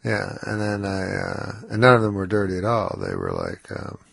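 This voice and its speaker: A man's voice: lowish voice, huge pitch swings, normal speed, gravelly, a bit bright, dry recording. A congested man with a nasal, slurring voice, mumbling through a radio studio interview as a comedian guest. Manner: mumbling, self-deprecating, laughs often. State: congested and slurring from cold medicine. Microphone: studio microphone.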